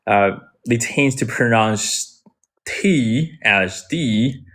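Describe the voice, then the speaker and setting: A man's voice: medium pitch, animated, extremely slow, fairly bright tone. A man whose first language is Chinese, patiently explaining English phrases with frequent restarts. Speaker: English conversation partner. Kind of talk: casual explaining.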